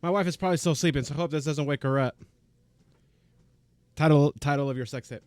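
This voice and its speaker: A man hosting a reaction video, chatting in quietly amused asides. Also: fairly high pitch, fast, dry recording. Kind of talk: casual reaction commentary.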